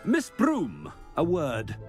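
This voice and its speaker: A vain, pompous headmaster in a video game, talking down to everyone in a high, hugely swinging voice. He is haughty and easily flustered, with faint game music behind him. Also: wildly swooping pitch, slow, darkish tone, exaggerated voice. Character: vain, pompous middle-aged male headmaster.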